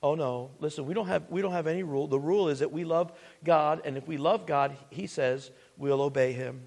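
A man's voice: on the high side, fairly quick, gravelly, darkish tone. A man preaching a sermon as pastor, earnest and full of restarts and asides.

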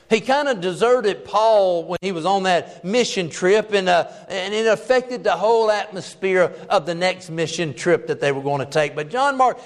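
High-voiced folksy male preacher. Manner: folksy, plainspoken preaching with colloquial grammar; emphatic, stretches key phrases slowly. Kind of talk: sermon.

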